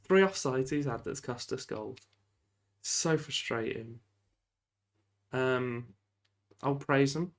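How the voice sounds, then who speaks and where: Excitable man commentating a game. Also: mid-range voice, takes it slowly, pauses often. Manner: animated, shouts at the referee, laughs. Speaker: gaming YouTuber.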